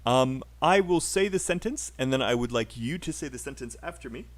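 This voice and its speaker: A man's voice: mid-range voice, expressive, a little fast. A man with a British accent teaching a live online English pronunciation class, upbeat and encouraging with frequent fillers.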